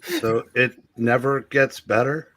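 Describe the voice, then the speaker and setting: A man's voice: mid-range voice, slow, pushed and bright, a little hiss or hum. A man in a casual comic chat, teasing the others with dry remarks.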